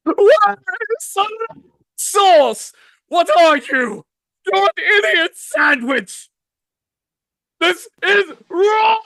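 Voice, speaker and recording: A man doing a high, shrieking impression of a furious male celebrity chef who yells insults, done as an anime villain's voice. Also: lively intonation, very slow, pauses often, no echo, exaggerated voice, low-quality recording. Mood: enraged.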